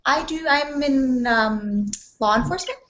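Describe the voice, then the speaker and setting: A woman chatting casually on a group video call, telling stories in a quick, lively way. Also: high-pitched. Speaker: cosplayer guest. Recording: slightly dull video call audio.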